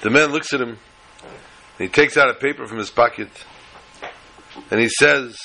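A man preaching a sermon, telling a parable in an animated storytelling manner with dramatic pauses. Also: mid-range voice, rough recording.

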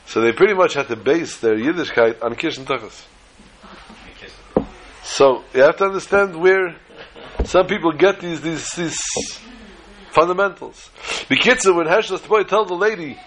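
A man's voice: high-pitched, normal speed, a bit bright, slight background noise, poor audio. A man telling a folk tale in a chatty, digressive way, sprinkling in Yiddish phrases and asides. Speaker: storyteller. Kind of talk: folksy storytelling with Yiddish phrases.

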